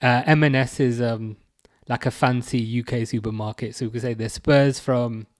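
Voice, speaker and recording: A man's voice: medium pitch, fairly even intonation, normal speed. A man from England chatting casually on a live football watchalong stream, reading out viewer messages and teasing them. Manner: chatty, reads chat messages aloud, teasing.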